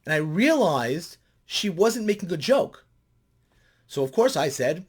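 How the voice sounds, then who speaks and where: A middle-aged man with a fairly high voice talks as a counselor sharing his views. He tells stories in a lively way, and his pitch swings up sharply as he gets worked up. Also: measured pace, slightly rough. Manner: animated storyteller, voice climbing high when excited. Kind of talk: commentary vlog.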